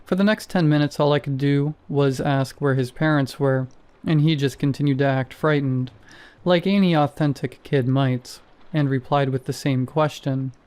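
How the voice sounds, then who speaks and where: A man tells a first-person horror story in a measured, scripted delivery. His voice is mellow and dark in tone, with a smooth, clear sound. His pitch sits in the middle. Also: steady tone. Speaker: narrator.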